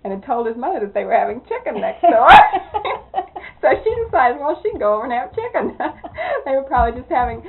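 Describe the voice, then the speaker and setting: A woman's voice: fairly high pitch, quick pace, creaky, hardly any pauses, very noisy. Woman spinning old stories on tinny tape. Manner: lively anecdotal telling, breaks into laughter. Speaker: interviewee. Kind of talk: oral history storytelling.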